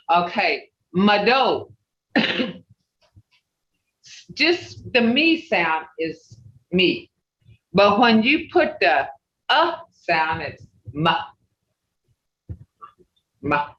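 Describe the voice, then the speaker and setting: A language teacher giving a slow, repetitive pronunciation lesson over a video call, often checking in with "okay?". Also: medium pitch, sing-song, fairly bright tone. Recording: roomy, muffled video-call audio.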